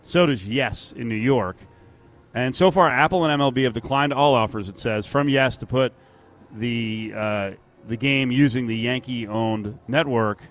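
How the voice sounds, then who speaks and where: A man's voice: medium pitch, measured pace, fairly bright tone. A man co-hosting a sports talk show in casual chat, laughing and acting out quotes.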